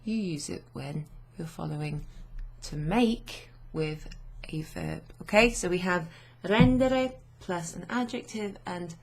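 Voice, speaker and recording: A woman language teacher explaining grammar to her students in an unhurried way, thinking aloud with many fillers. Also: lowish voice, vocal fry, breathy edge.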